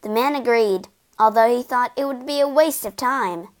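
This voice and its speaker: A woman reading a children's storybook aloud, with expressive, animated narration. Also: fairly high pitch, moderate pace.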